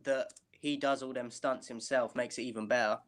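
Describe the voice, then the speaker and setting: A man's voice: mid-range voice, steady tone, normal speed. A British man co-hosting a casual chat over a video call, rambling and asking "do you know what I mean". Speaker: podcast co-host.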